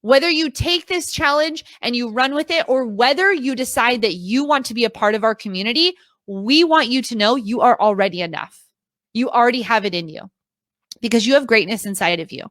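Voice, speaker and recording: A woman in her thirties, a video coach, gives an earnest, emphatic motivational talk to a live online audience, repeating her key phrases and at times nearly crying. Her voice is on the high side, a bit bright and a little fast. The recording is dry and studio quality.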